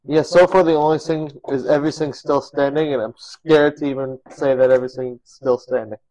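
A man's voice: a little high, fairly even intonation, fairly quick, darkish tone, rough recording. Goofy man rambling through a cooking vlog. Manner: goofy, rambling, laughs at himself. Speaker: cooking vlogger. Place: home kitchen.

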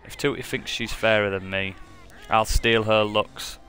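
A man's voice: on the low side, flat delivery, a little slow, pushed and bright. A man voicing a vain, spiteful old witch, reading her lines in a sing-song rhyming way. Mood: gloating.

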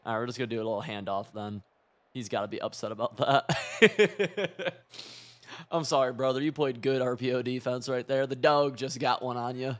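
Young male gaming streamer, loose and excitable play-by-play, profane and chatty. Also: medium pitch, normal speed. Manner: excitable, chatty, swears and laughs often. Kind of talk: live gameplay commentary.

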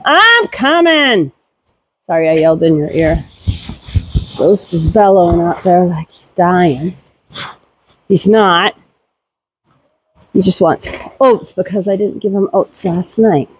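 A woman's voice: lowish voice, steady tone, a little slow, long pauses, a little mellow, breathy edge, rough recording. Chatty woman doing barn chores. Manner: chatty, talks to her animals. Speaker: homesteading vlogger. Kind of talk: casual chat while doing farm chores. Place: barn with animals.

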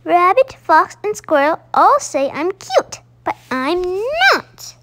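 A woman's voice: sits high, sing-song, takes it slowly, very noisy, exaggerated voice. A woman voicing a small, indignant baby owl in a storybook, with sulky, emphatic delivery.

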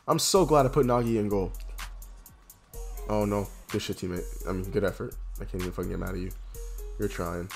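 A young man giving excitable, profane gameplay commentary, swinging between loud hype yells and low muttering. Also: brisk, pauses often, faint music behind. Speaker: gaming YouTuber.

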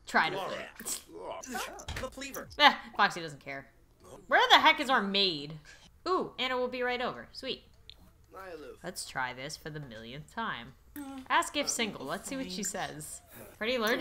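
A woman's voice: medium pitch, sing-song, sharp tone. A young woman narrating a life-sim game as a Let's Play host, playfully voicing her characters. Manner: playful, voices her characters in quick asides. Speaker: gaming YouTuber.

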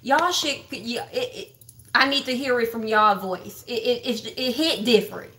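A woman's voice: on the high side, measured pace, sharp tone. A woman hosting a livestream, gossiping bluntly and profanely about online drama straight to her viewers. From Texas. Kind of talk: casual livestream commentary.

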